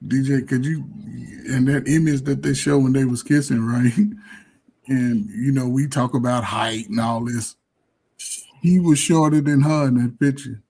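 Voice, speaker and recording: A man's voice: mid-range voice, steady tone, unhurried, a little mellow, husky. A man co-hosting a casual reaction chat, blunt and unsympathetic in his takes. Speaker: co-host.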